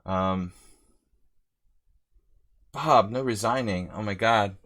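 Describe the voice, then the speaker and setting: Low-voiced man casually chatting while streaming. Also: animated, measured pace, long pauses, fairly bright tone. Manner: rambling, chatty, reads out viewer names. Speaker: chess streamer playing a simul. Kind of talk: casual live-stream commentary. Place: lives in Hungary.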